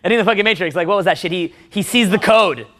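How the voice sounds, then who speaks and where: A man delivers a profane dating-advice rant in a high, ringing voice. He swears constantly and gets more and more excitable, breaking into loud shouts as he acts out movie scenes. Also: very fast.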